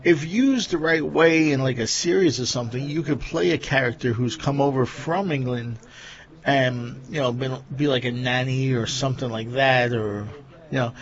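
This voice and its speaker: A man with a mid-range voice and a Long Island, New York accent hosts a casual chat, and the recording has its highs cut off. He rambles, packing in fillers like "you know" and "like."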